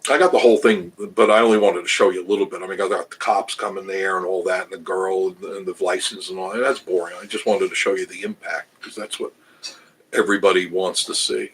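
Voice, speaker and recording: A man's voice: low voice, flat delivery, fast, slight background noise, rough recording. An older man hosting a casual livestream, chatting with viewers in a rambling, self-amused way. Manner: rambling, chatty, restarts, laughs at himself. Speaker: travel channel host reading live chat.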